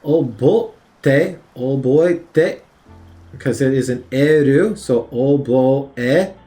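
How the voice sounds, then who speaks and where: A man's voice: medium pitch, drawn-out words, dark tone, soft background music. A man thinking aloud as he studies vocabulary, repeating words over and over with many fillers, at his work computer on a lunch break. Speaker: language learner studying on video. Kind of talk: casual study commentary.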